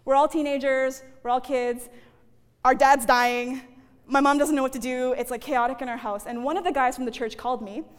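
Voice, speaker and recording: Female preacher, conversational sermon, high pitch, reverberant hall. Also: fairly even intonation, normal speed, clear, resonant tone. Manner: chatty, frequent "okay?" and "guys". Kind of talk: sermon with personal story.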